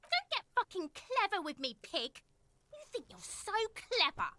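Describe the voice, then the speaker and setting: A woman's voice: very high voice, wildly swooping pitch, unhurried, sharp tone, a little hiss or hum, exaggerated voice. An actress playing a paranoid, hostile old woman in a video game, accusing and venomous.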